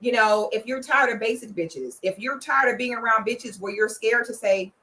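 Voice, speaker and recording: A young woman with a somewhat high voice talks straight into the camera like a blunt big sister, sassy and profane. Her casual commentary swings between dry lectures and loud, playful shouting. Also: moderate pace, hardly any pauses, low-quality recording. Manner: bursts into loud playful shouting when pitching her membership. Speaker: vlogger commenting on celebrity relationships.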